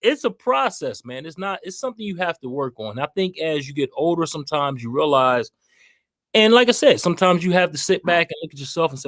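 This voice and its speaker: A man's voice: fairly high pitch, sing-song, fairly quick, fairly bright tone, dry recording. A man co-hosting a relationship talk show, laid-back and reflective. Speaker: podcast co-host.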